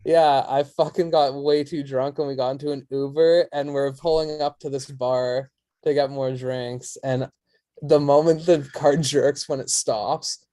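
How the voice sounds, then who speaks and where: Laid-back guest musician, mellow voice. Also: male voice, mid-range voice, fairly even intonation, a little slow, dry recording. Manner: laid-back, laughs often, swears casually. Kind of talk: casual live-stream interview.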